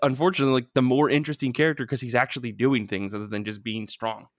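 A man's voice: mid-range voice, steady tone, quick pace, no room sound. Wry man with a dry close sound. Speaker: podcast co-host. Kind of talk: casual chat.

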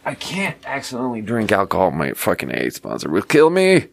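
A man's voice: fairly low pitch, wildly swooping pitch, brisk, gravelly, few pauses. A man hosting a casual late-night solo podcast, talking in a wry, self-mocking way and swearing freely.

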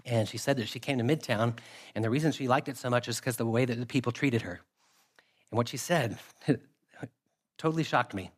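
A man preaching a sermon with a mid-range voice. He talks to the congregation in a relaxed, conversational way and reads scripture in a steady cadence. He leans on repeated phrases to drive his points home. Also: mid-range voice, fairly quick, pauses often. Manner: conversational preaching with emphatic repetition. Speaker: pastor.

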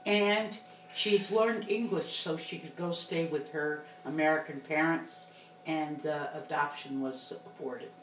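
A woman's voice: sits low, steady tone, a little slow, a bit bright, roomy sound, a little hiss or hum, poor audio. A woman on a casual podcast, earnestly telling a story with feeling.

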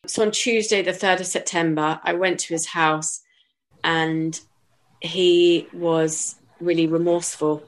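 Low-voiced woman recounting an ordeal. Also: flat delivery. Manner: measured, halting retelling with restarts. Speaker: interviewee. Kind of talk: personal account in an interview.

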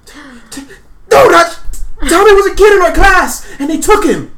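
A player role-playing a panicked child in a tabletop game, frantic and shouting. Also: very high voice, animated, moderate pace, recorded from a distance. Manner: frantic, screaming in character as a panicked kid. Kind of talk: in-character tabletop role-play.

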